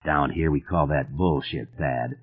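A menacing, contemptuous inner voice sits low and slow, as a male narrator puts it on. The sound is husky and squeezed into a thin, phone-like band. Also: heavily acted.

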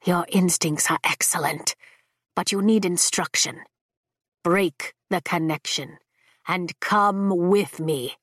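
A woman reading the part of a stern, commanding old male dragon in a storybook, her voice lowered and measured. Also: fairly bright tone, no room sound, clean studio sound. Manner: measured, authoritative.

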